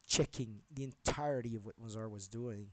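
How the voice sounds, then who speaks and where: A man's voice: fairly low pitch, a little fast, a little mellow, no echo. Rambling man live-streaming. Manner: rambling, swears, jumps between topics.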